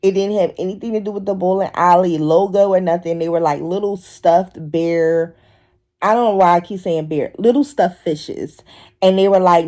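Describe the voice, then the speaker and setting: A woman vlogger telling a funny story casually, animated and swearing, acting out voices as she goes. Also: fairly low pitch. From Philadelphia. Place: outdoors in public.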